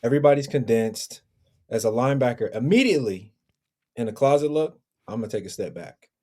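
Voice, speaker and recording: A man joining a podcast as a guest analyst, breaking down football film in a measured, analytical way. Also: mid-range voice, lively intonation, dark tone. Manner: measured, analytical, chuckles between points.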